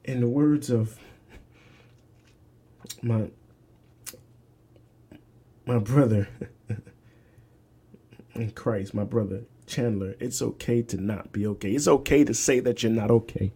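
A man's voice: medium pitch, takes it slowly, pauses often, mellow, slightly rough. A young man hosting a podcast, preaching emphatically, repeating phrases and dropping to whispers. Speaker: podcast host. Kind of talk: preaching-style podcast talk.

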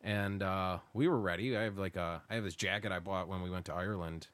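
A man's voice: low voice, fast talker, fairly bright tone, clean tone, dry recording. A young man from Western New York telling stories in casual chat, swearing and laughing, acting out the people he quotes. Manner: swearing, laughing storyteller who acts out quoted voices.

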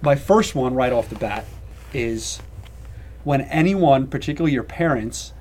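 A young man co-hosts a casual podcast, ranting with animation and swearing freely in casual chat. His medium-pitched voice is expressive, a little slow, and a little mellow.

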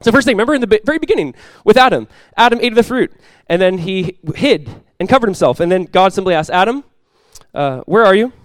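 A male pastor preaching at a rapid clip, with a slightly high voice. He talks in a casual, animated way and slips into quick voiced asides. The sound is dry and close. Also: no room sound. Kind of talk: sermon.

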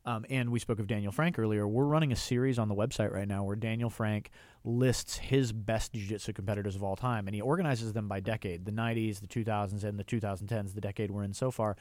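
A man's voice: fairly low pitch, steady tone, fast talker, darkish tone, no room sound. A man hosting a radio show, chatty and enthusiastic as he talks with a guest in the studio. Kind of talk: casual radio interview. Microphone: studio mic.

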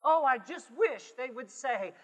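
Bright high-voiced preacher in a reverberant hall. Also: male voice, expressive, unhurried. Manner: preaching, swings from hushed to shouted. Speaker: pastor. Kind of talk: sermon. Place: church sanctuary.

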